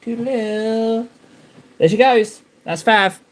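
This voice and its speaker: A man's voice: fairly high pitch, big pitch swings, normal speed. A young adult man hosting a live stream, chatting casually and playfully with viewers while painting miniatures, teasing them in mock-dramatic bursts.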